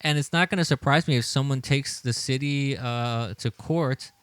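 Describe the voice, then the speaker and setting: A man's voice: medium pitch, normal speed, a bit bright, clear, resonant tone, no room sound. A man hosting a political livestream, talking with indignation, often repeating his words and chuckling as he reads the chat. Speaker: livestream show host.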